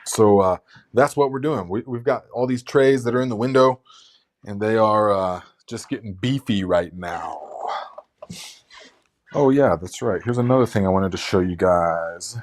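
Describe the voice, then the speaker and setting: A man's voice: lowish voice, normal speed. A man hosting a casual live gardening Q&A, chatty and rambling, with lots of fillers and restarts. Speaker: gardening channel host.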